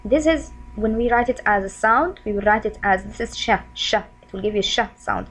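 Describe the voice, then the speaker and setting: A woman teaching a spelling lesson, sounding out syllables slowly and often asking the learners questions. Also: mid-range voice, a bit bright, low-quality recording. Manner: repeats sounds slowly and clearly; friendly, asks questions of the learners. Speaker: English teacher.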